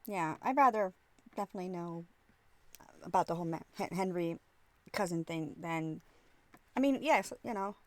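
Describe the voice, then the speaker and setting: A woman's voice: lowish voice, normal speed, long pauses, darkish tone, no room sound. A woman co-hosting a casual fan podcast, speaking in a hesitant, giggly, easygoing way. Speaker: podcast co-host. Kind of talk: casual chat.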